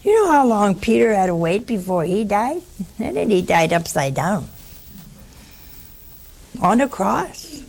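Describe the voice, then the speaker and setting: A woman's voice: medium pitch, measured pace, creaky, pauses often. A woman preaching a sermon, teasing her listeners and acting out the people in her stories. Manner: teasing, animated storytelling with quoted voices. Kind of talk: sermon with storytelling.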